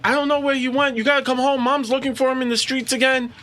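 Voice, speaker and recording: Man playing a teenage girl, frantic, pleading, high-pitched, tearful, tabletop game. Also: little pitch movement, fast talker, sharp tone. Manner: pleading, panicked. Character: frantic teenage girl begging her father.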